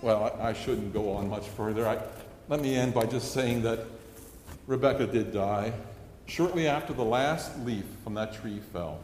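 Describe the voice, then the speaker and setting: A man's voice: fairly low pitch, normal speed, a little mellow. A middle-aged man preaching a sermon, telling stories earnestly and acting out a child's pleading. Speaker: pastor. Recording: echoey hall with long reverb.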